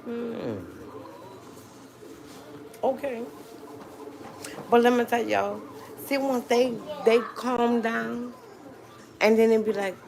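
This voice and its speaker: A woman's voice: on the high side, animated, takes it slowly, vocal fry, long pauses, background noise. A woman with a New Orleans accent chatting casually to her livestream viewers, drawling and dropping frequent mm-hmms. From New Orleans, Louisiana. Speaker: livestream host.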